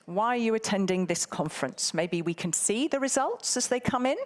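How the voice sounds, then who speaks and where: A woman's voice: on the high side, expressive, fairly quick. A woman moderating a live conference, bantering and teasing the audience in a playful way. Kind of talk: live event hosting.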